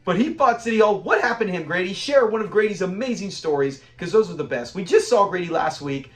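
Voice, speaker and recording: A man's voice: sits high, animated, quick pace, a bit bright. A man casually reviewing a classic sitcom episode, enthusiastic, quoting the characters and laughing often. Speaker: show reviewer.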